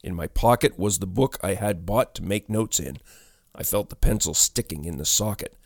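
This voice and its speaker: A man narrates a ghost story in a low, measured voice, taking each sentence deliberately. The sound is close and dry, with no room around it. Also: gravelly, dry recording.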